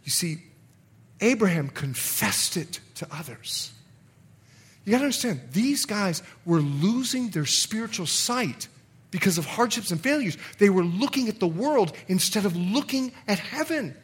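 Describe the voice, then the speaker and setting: A middle-aged man, a pastor, preaching a sermon in an animated way, acting out quotes and laughing often. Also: sits high, unhurried, slightly rough.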